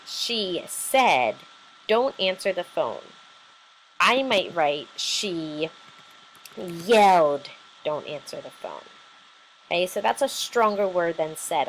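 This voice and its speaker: A woman's voice: mid-range voice, a little hiss or hum, poor audio. A woman teacher giving a recorded lesson, explaining patiently step by step with many fillers.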